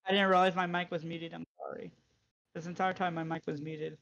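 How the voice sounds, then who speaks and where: A man's voice: fairly high pitch, level tone, brisk, creaky, fairly bright tone, highs cut off. A man talking loosely over voice chat, swearing casually as he signs off his own stream. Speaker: fellow streamer.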